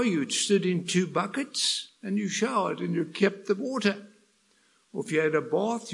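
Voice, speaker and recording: An older man preaches a sermon with a gravelly, fairly high voice. He takes his time, dropping to a hush and then rising to loud, passionate emphasis. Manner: swings between hushed and loud passionate emphasis.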